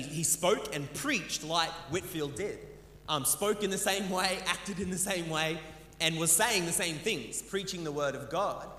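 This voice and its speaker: A man preaching a sermon in a church, his high voice bright and ringing. He talks earnestly and keeps repeating words as he restarts his thoughts. The mic picks up the long, echoey reverb of the hall. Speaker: pastor. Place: church sanctuary. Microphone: handheld mic.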